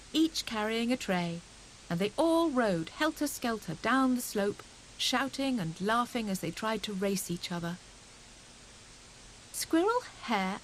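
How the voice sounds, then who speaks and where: A woman narrating a children's storybook audiobook in a gentle, expressive reading. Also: mid-range voice, a little hiss or hum, poor audio.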